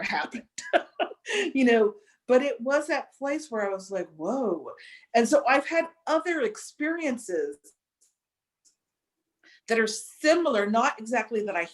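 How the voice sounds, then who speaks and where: A woman guest telling a personal story in a halting, searching way, pausing and restarting, close to tears. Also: mid-range voice. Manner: halting, many restarts and fillers, emotional. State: near tears. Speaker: podcast guest. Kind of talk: reflective storytelling.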